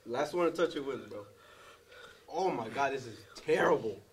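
A man's voice: medium pitch, expressive, normal speed, noisy background. A young man bantering with friends during a spicy food challenge, joking and calling everyone bro. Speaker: guest.

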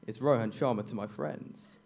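A man's voice: mid-range voice, moderate pace, vocal fry, darkish tone. Awkward self-deprecating young stand-up man. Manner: self-deprecating, awkward, chuckles at own jokes. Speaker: stand-up comedian. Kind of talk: stand-up comedy set. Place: comedy club stage.

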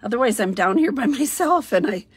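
A woman's voice: a little high, expressive, a little fast, background noise. A woman chatting casually through a craft demonstration, thinking aloud as she colors and cheerfully saying "ta-da" after each step. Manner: chatty, thinks aloud, sing-song "ta-da" while working. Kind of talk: casual craft tutorial narration.

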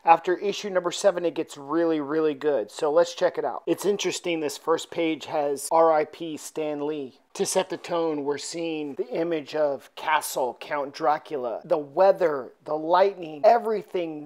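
Woman host, comic recap, chatty, talks to folks, somewhat low voice. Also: darkish tone. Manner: chatty, addresses viewers as folks. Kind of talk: casual comic-book recap.

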